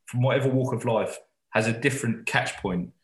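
A man's voice: mid-range voice, brisk, roomy sound. A man in casual podcast chat as a guest, rambling and swearing casually.

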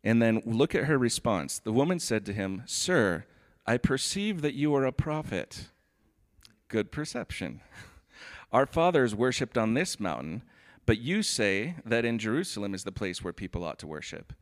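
A pastor giving a sermon. He reads scripture steadily, then explains it in a relaxed, chatty way, often saying "like". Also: mid-range voice, normal speed.

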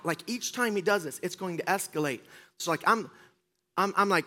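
A middle-aged man preaching from a church stage, with a high-pitched and bright, ringing voice. He tells his story in an animated, self-mocking way, acts out the other people in it, and slips in deadpan jokes for the congregation. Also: brisk. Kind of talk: storytelling sermon.

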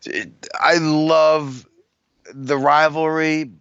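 A man's voice: on the high side, little pitch movement, very slow, fairly bright tone, clean tone, dry recording. A man co-hosting a casual podcast, wry and sarcastic, giving frank opinions. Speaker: podcast co-host. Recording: dull, dry lo-fi recording.

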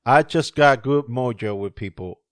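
A man co-hosting a podcast in casual chat, animated and profane, laughing often. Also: medium pitch, moderate pace, clear, resonant tone, no echo, studio quality. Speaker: podcast co-host.

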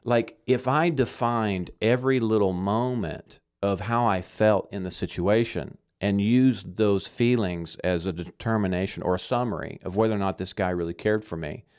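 A man's voice: fairly low pitch, normal speed, hardly any pauses, darkish tone, smooth. A man from Arkansas giving earnest, emphatic Christian teaching in conversation, often checking in with "okay?".

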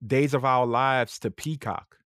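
A podcast host chatting casually, an animated storyteller who acts out quotes and laughs often. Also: mid-range voice, a little slow, no room sound, studio quality. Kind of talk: casual chat.

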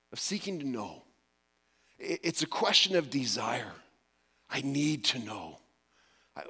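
A pastor preaching a storytelling sermon, often dropping to a hushed voice for quoted words. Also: male voice, on the high side, in a large hall.

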